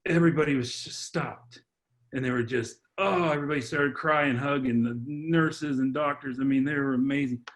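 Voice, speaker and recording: A man on a podcast, telling a heartfelt personal story in a halting way, full of restarts and repeated words. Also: mid-range voice, fairly even intonation. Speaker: podcast guest, father. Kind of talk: heartfelt personal testimony in conversation.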